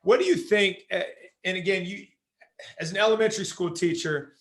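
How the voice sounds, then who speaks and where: A man's voice: high-pitched, fairly quick. Reflective man hosting a coaching podcast. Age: middle-aged. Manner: reflective, thoughtful questioning. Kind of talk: interview podcast.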